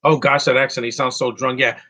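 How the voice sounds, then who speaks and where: Blunt, bright-voiced male movie commentator. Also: medium pitch, level tone, a little fast. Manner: opinionated, blunt, insulting; frequent restarts and filler words. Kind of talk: casual live movie commentary, answering chat questions.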